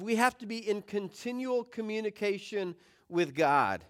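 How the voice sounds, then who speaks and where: High-voiced, clear-toned pastor preaching. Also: male voice. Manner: conversational preaching with anecdotes. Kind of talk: sermon. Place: church room with congregation. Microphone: forgot microphone, picked up by room audio.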